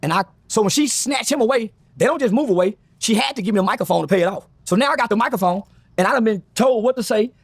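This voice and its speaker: Man, high animated voice, husky, fast, profane storytelling. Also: no echo. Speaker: guest. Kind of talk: casual storytelling.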